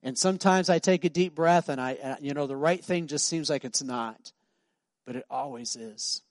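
A middle-aged man preaching as pastor in a church sanctuary speaks at a moderate pace, his voice a little high and free of echo. He tells stories in a conversational style and performs the voices of the people in them.

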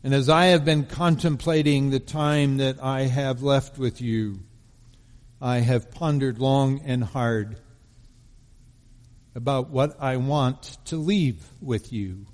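Male pastor, mid pitch, measured storytelling sermon, long hall reverb. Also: a little mellow. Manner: measured storytelling delivery, slowing for emphasis.

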